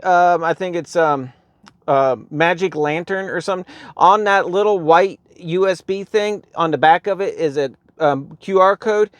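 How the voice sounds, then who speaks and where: A man with a slightly higher voice, chatting his way through a how-to vlog from inside his car. He rambles along easily, dropping plenty of "um"s and pointing things out "right here" as he goes. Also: unhurried, no echo. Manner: rambling, relaxed, lots of ums and "right here". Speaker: car vlogger.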